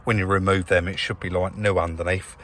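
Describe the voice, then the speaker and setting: A man's voice: low-pitched, a little fast, a little hiss or hum. Chatty man in a garage workshop. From England. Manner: chatty, relaxed, says "crack on" and "guys" often. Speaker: car rebuild vlogger. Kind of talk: casual walkthrough talking to camera.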